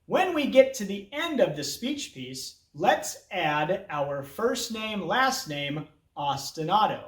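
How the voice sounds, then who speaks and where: Lively man teaching a music lesson. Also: high voice, takes it slowly. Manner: lively, chanting names in rhythm over a metronome. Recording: roomy echo.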